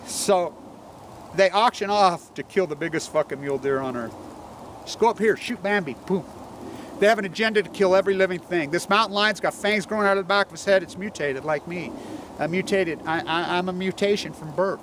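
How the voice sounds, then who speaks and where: A man's voice: sits high, fairly quick, fairly bright tone. A man rambling outdoors about the environment, profane and agitated. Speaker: environmental activist. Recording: noisy outdoor recording with vehicle noise.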